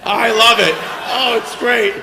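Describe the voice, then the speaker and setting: A man's voice: very high voice, steady tone, unhurried. A young man doing crude, teasing stand-up crowd work in a crowded airport terminal venue. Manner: brash, teasing, crude banter with audience. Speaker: stand-up comedian. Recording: noisy live crowd. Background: crowd laughter and terminal ambience.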